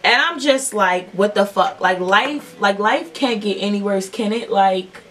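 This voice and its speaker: A woman's voice: mid-range voice, unhurried, fairly bright tone, far from the mic, slight background noise. A young woman telling a long, profane storytime while doing her makeup, rambling with lots of fillers. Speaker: beauty vlogger.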